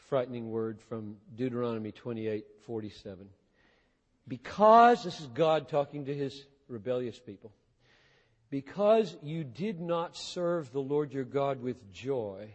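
High-voiced preacher in a reverberant hall. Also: male voice. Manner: earnest, swings from hushed to emphatic. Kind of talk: sermon.

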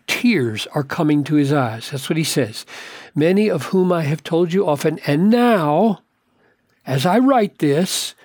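An older man teaching on a Bible passage, earnest and deliberate, leaning hard on key words. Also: a little high, darkish tone, dry recording. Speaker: pastor.

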